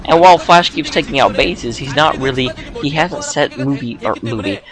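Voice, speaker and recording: A man's voice: medium pitch, lively intonation, normal speed. A sleepy man, yawning late at night, giving casual play-by-play commentary on a game, chatty and full of joking asides.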